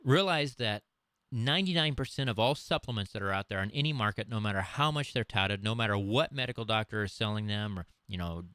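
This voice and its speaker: A man giving an unscripted health webcast, talking emphatically and preachily, his voice jumping higher when he drives a point home. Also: fairly quick, sharp tone, smooth, dry recording, studio quality. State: dry throat. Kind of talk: unscripted webcast talk to camera.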